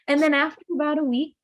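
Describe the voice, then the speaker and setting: A woman in her thirties, a play therapist, telling a personal story in a podcast interview, acting out the voices she quotes. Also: high-pitched. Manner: animated storytelling, acts out quotes.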